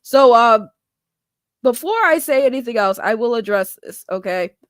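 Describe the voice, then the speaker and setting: A woman's voice: on the high side, no room sound, clean studio sound. A woman hosting a casual livestream with a sore throat from a cold. She chats and greets viewers by name. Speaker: livestream host.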